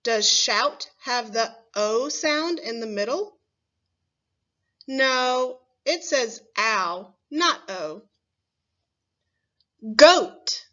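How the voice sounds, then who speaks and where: A woman teaching a first grade phonics lesson, sounding out words slowly and clearly and asking the children questions. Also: fairly high pitch, animated, pushed and bright, lo-fi sound.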